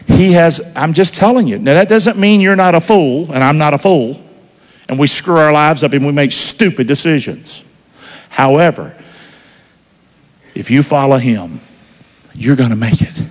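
Lively preacher in a reverberant hall. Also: male voice, a little high, moderate pace. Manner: lively, conversational preaching with call-and-response questions. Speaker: pastor. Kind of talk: sermon. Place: church.

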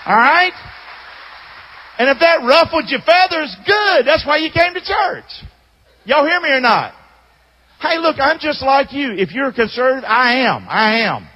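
High-voiced pastor preaching in a hall. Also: male voice, measured pace, muffled recording. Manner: animated storytelling, swinging from loud to hushed. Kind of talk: sermon. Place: church sanctuary. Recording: long hall reverb.

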